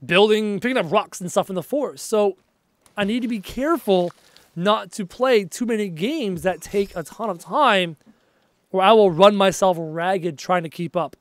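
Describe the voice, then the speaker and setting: A chatty young man from Canada talks his way through a live gaming stream, reading viewer messages aloud and answering them as he plays. His voice sits fairly high for a man, and the sound is close and dry, with little room in it. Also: normal speed, no room sound. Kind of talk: casual live-stream chat while gaming.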